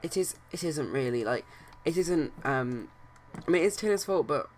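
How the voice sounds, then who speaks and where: A man's voice: a little high, animated, moderate pace, slight background noise. A man casually narrating his life-sim game let's play, rambling with many hesitations and restarts. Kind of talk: casual game commentary and storytelling.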